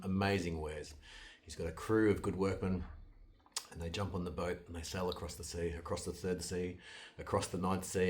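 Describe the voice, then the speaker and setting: A man telling a fairytale in a loose, conversational way, with restarts and sudden jumps in loudness. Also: deep voice. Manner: loose retelling with restarts, lively swings in loudness. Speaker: storyteller. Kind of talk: casual fairytale storytelling.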